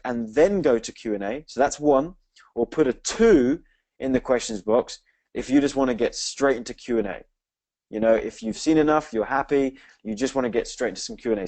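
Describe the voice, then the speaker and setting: A man's voice: medium pitch, a little mellow, no room sound. An English man co-hosting a live webinar, upbeat and reading out names from the chat. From England. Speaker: webinar co-host.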